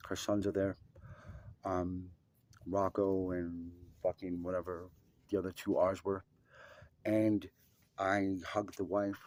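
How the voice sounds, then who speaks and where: A man telling a personal story in an emphatic, profane way, swinging between loud and hushed. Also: deep voice, flat delivery, slow pace, long pauses.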